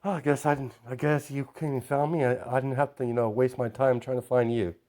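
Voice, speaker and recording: A man's voice: medium pitch, fairly even intonation, brisk, a little mellow, voice pushed up, lightly acted. A man voicing a tough, cocky teenage girl who talks bluntly with plenty of fillers.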